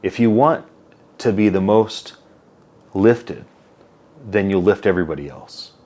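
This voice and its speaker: A man in his forties with a notably low voice speaks as an interview guest. He tells stories animatedly, acting out quoted lines and dropping casual tags as he goes. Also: unhurried. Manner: animated storyteller, acts out quotes, many "like" and "right?" tags. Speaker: interview guest, company CEO.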